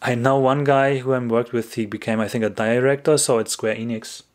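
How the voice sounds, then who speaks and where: Fairly quick and with fairly even intonation, a man hosts a casual English livestream and takes chat's questions. His mid-range voice wanders from point to point, with frequent laughs and sentences he breaks off.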